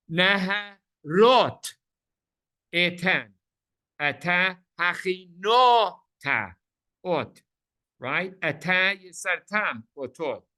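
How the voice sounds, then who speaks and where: A man teaching a Bible class, animated, repeating words for emphasis and asking his listeners questions. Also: fairly high pitch.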